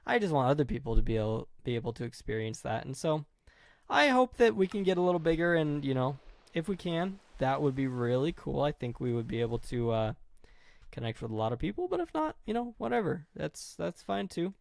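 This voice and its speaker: A man's voice: on the high side, sing-song, fairly quick, gravelly, no echo. A young man live-streaming and chatting casually, reading comments, rambling and apologizing a lot at his own expense. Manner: self-deprecating, rambling, apologetic.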